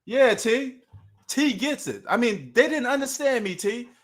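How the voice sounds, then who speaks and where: A man with a New York accent chats on a sports live stream, his voice pitched fairly high. He talks loosely and animatedly, leaning on street slang and addressing viewers in the chat. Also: expressive, measured pace.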